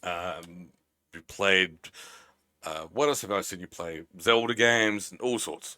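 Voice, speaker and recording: A man's voice: low-pitched, unhurried, bright, forceful tone. A man from New Zealand with a Kiwi accent, chatting playfully as a game streamer on a live stream. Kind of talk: casual live-stream chat.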